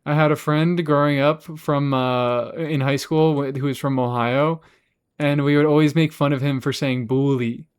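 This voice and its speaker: A man's voice: a little high, steady tone, moderate pace, smooth. A young man chatting casually with his chat while streaming a game, sarcastic and swearing freely.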